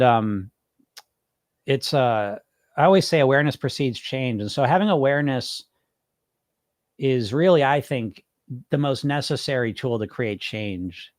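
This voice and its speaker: A man with a medium-pitched voice hosts a weight-loss podcast, responding to viewer comments. He's animated and rambling, swearing plenty in a casual way. The recording is dry with clean studio sound.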